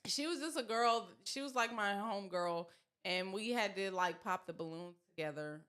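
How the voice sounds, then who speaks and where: A woman's voice: medium pitch, moderate pace, fairly bright tone. A woman in her thirties with a Southern US accent, chatting casually as a podcast guest, rambling with many fillers and restarts. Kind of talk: casual chat.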